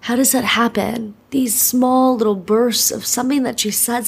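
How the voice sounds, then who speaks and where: A woman's voice: medium pitch, fairly even intonation, slow, creaky, hardly any pauses. A woman hosting her podcast, speaking in an earnest, emotional, reflective way as she introduces the episode. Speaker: podcast host. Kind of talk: heartfelt podcast intro monologue.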